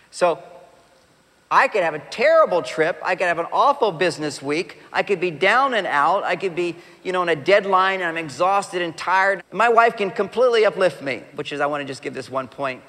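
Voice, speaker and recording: A middle-aged man giving an animated, joking talk about relationships to a live audience, acting out quoted voices. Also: fairly high pitch. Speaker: relationship speaker. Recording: long hall reverb.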